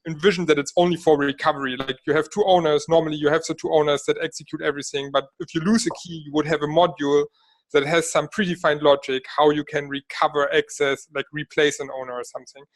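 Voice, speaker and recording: A man's voice: a little high, level tone, fast. A man on a video call working through a technical point, thinking aloud and often checking with "right?". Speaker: developer on a community call. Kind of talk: technical discussion.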